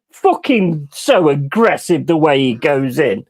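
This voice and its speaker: A man reacting live to a football match and ranting at the referee. He swears constantly. His voice swings widely in pitch as he rages. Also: animated, slow pace, hardly any pauses. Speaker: watch-along host.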